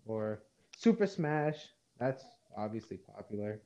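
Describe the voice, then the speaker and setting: A man co-hosting a casual podcast chat, telling animated stories and acting out what people said. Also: on the low side, a little slow, highs cut off. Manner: animated storytelling, acts out quotes. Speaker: podcast co-host.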